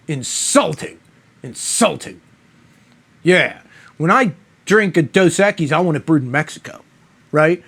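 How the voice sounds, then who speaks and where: A man reviewing a beer in a casual, rambling monologue, mock-outraged and profane. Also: high voice.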